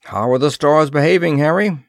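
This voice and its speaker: A man voices a fleet commander, snapping out short, clipped orders in a commanding mood. His voice is on the high side at normal speed, pitched above his own but close to an everyday voice, in clean studio sound with no room sound.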